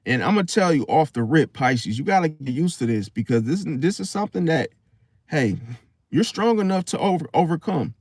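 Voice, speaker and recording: Slangy, animated man with a dry close sound. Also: a little high, normal speed, no room sound. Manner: animated, slangy, acts out inner voices. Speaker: astrology channel host. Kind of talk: casual spoken monologue.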